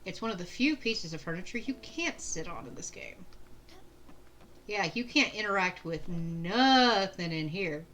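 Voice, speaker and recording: A woman's voice: lowish voice, animated, a little slow, a bit bright, a little hiss or hum, low-quality recording. A woman streaming a video game, chatting casually and muttering along as she narrates her own moves. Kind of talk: casual let's-play commentary.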